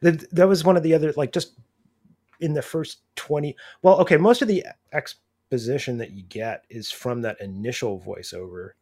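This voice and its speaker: A man co-hosting a casual movie review podcast, breaking down performances in a measured, analytical way. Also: mid-range voice, a little mellow. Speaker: podcast co-host.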